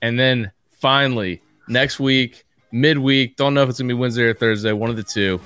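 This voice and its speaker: A man co-hosting a sports podcast, making picks and signing off the show in an upbeat, brisk way. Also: medium pitch, fairly even intonation, fairly bright tone, clean tone, dry recording, clean studio sound. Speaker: podcast co-host. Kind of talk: casual sports betting chat.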